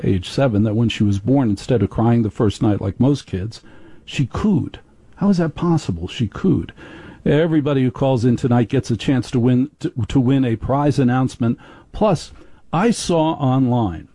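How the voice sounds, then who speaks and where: A man's voice: medium pitch, dark tone, slightly rough, no room sound. A middle-aged man hosting a live radio talk show, chatty and confiding, rambling on with listeners.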